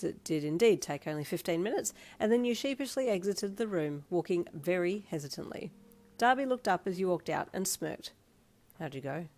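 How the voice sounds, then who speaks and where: A woman narrating a second-person fan fiction story in an even storytelling manner. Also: sits low. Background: faint instrumental music.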